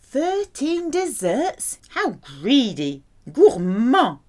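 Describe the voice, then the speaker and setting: A French woman teaching vocabulary, pronouncing each word slowly and carefully. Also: lowish voice, sing-song. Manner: slow, careful pronunciation drills. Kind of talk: vocabulary lesson.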